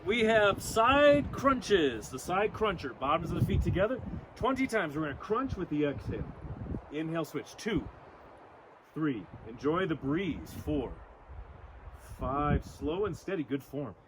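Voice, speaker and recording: Against a noisy background, a man with a slightly high voice and lively intonation speaks at normal speed. He's a fitness instructor leading an abs workout outdoors among rocks, upbeat and coaching as he counts reps and cues breathing.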